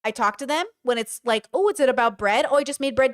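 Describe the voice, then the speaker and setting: Woman in her 30s, streamer, quick emphatic reactions, slightly high voice. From United States. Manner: animated, rapid, emphatic. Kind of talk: live-stream reaction commentary.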